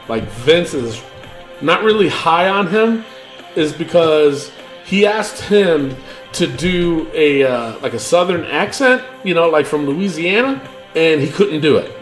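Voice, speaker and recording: A man's voice: on the high side, expressive, slow, soft background music. A man co-hosting a wrestling podcast, ranting casually with lots of fillers and profanity. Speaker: podcast co-host.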